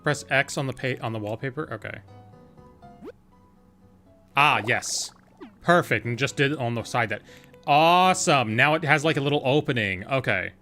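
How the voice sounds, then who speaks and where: A man streaming a game, talking through each step in a loose, playful way as he decides what to do next. His voice sits at an ordinary middle pitch, with faint game music behind him. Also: lively intonation, normal speed, long pauses, sharp tone. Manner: thinking aloud, chatty and playful, answering chat. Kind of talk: casual gameplay commentary.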